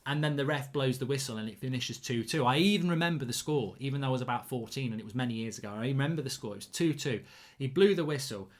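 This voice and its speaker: A man's voice: medium pitch, fast talker. Chatty rambling man. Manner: rambling, self-interrupting, gets loud and heated when acting out anger. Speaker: host. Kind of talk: casual storytelling monologue.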